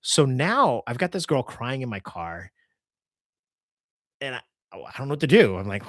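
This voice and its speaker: A rideshare driver telling a story on a live stream in a casual, animated way, acting out the voices of the people in it and laughing as he talks. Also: mid-range voice, a little fast, no echo, studio quality. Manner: animated, acts out dialogue, laughs while telling.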